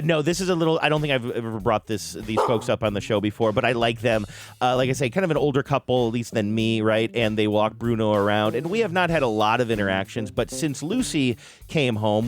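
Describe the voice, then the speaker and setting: A man's voice: mid-range voice, lively intonation, a little fast. A middle-aged man hosting a podcast, telling a story in a casual, self-deprecating way and raising his voice when he quotes people. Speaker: podcast host.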